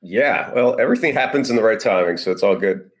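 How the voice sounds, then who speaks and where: An easygoing male interview guest with a lowish voice who answers in a laid-back, playful manner. He sounds unhurried and friendly on a video call. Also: lively intonation. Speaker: podcast guest. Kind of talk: casual interview chat.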